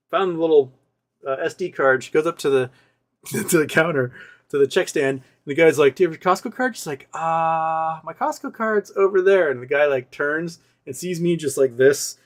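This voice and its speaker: A man's voice: a little high, normal speed. A male host rambling through a personal story in casual talk, often acting out what other people said. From Seattle area. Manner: rambling, animated retelling with quoted voices.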